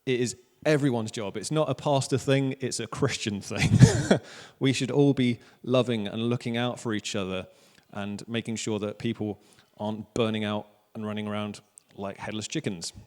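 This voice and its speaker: Joking Welsh pastor in a reverberant church. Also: male voice, on the low side, fairly even intonation, moderate pace. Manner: casual, joking, self-deprecating preaching. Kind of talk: sermon. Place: church hall. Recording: long church hall reverb.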